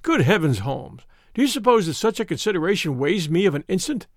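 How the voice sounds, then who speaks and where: A man reading a classic detective story aloud in first-person audiobook narration, measured and expressive. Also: high-pitched, no room sound, studio quality.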